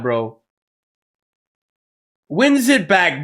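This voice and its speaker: Excitable swearing streamer man. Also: fairly high pitch, a little slow, pauses often, faint music behind. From United States. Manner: excitable, swears a lot, loud outbursts at goals. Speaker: watchalong streamer. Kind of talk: live match reaction stream.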